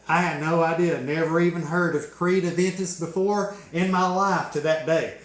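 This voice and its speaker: A man's voice: a little high, fairly even intonation, moderate pace, few pauses, a bit bright. Profane man telling stories. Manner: profane, laughing, drawling storyteller. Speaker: live-stream host. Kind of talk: casual live-stream storytelling. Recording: echoey room.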